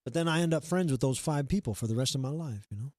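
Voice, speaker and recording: A man's voice: mid-range voice, quick pace, darkish tone, dry recording, studio quality. A man hosting a livestream, chatting loosely and reading out viewer comments in a rambling, self-deprecating way. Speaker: livestream host. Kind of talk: casual chat.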